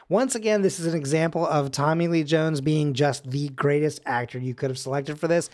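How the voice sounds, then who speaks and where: A man's voice: a little high, fairly quick, hardly any pauses, a little mellow. A man co-hosting a casual podcast, retelling a film scene by scene with eager enthusiasm and frequent laughter. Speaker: podcast co-host recapping a film. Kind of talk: casual chat.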